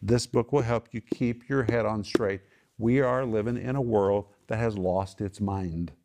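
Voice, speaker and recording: A man's voice: lowish voice, steady tone, a little slow, dark tone. A man teaching the Bible to a small home group, emphatic and fond of repeating key phrases and quizzing his listeners. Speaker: Bible teacher and TV ministry host.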